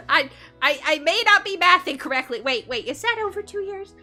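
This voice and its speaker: High, bright-voiced giggly woman streamer. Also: expressive, moderate pace, faint music behind. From Canada. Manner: bubbly, giggly, rambling. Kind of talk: casual livestream chat.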